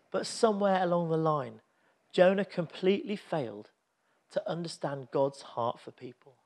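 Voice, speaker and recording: A man's voice: fairly high pitch, darkish tone. A man preaching a sermon, telling a Bible story in an earnest, reflective way.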